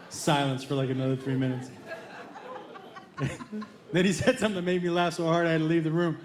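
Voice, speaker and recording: A man performing stand-up, telling a story with lively energy and acting out other people's lines in put-on voices. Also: fairly high pitch, fast talker, pauses often, background noise. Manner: animated, acts out his son's lines in a childish voice. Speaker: stand-up comedian. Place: comedy club stage. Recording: echoey club with loud crowd laughter.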